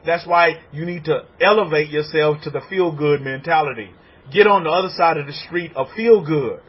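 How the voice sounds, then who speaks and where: Husky-voiced preaching man, lo-fi recording. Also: fairly high pitch, moderate pace. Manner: animated preaching, acts out congregants' voices. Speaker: rabbi. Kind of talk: sermon.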